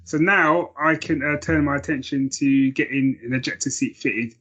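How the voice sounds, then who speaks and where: Brief: male podcast host, dry jokey banter, mid-pitched voice. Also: moderate pace, pushed and bright, muffled recording. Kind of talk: casual chat.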